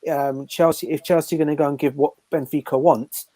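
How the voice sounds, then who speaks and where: Male panelist, fast and rambling, dry close sound. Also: a little high, fairly even intonation, warm tone, no echo. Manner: rambling, loose phrasing. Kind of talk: casual live stream chat.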